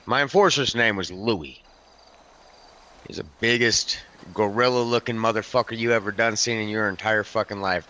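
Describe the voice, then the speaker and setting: A man's voice: lowish voice, bright, forceful tone. A man role-playing a hardened, foul-mouthed biker club enforcer, rambling through a story and calling the listener by name. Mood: grim storytelling. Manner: keeps addressing the listener by name. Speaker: roleplay character telling a story. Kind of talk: improvised game role-play storytelling.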